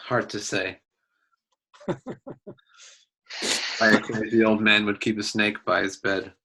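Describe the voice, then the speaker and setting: A man playing a tabletop game, describing his character's actions slowly and deliberately. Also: on the low side, little pitch movement, bright, forceful tone, rough recording. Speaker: player.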